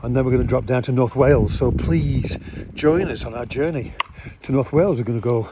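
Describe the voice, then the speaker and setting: A man's voice: mid-range voice, brisk, noisy background. A man vlogging casually outdoors at night by his van, rambling with lots of fillers. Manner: rambling, relaxed, many fillers. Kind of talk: casual vlog narration.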